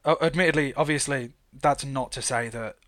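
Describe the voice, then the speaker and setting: A man's voice: mid-range voice, fairly quick, fairly bright tone. A man co-hosting a casual podcast chat, ranting and swearing, acting out what others say. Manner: sweary, ranting, acts out quoted people. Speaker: co-host, former assistant language teacher in Japan.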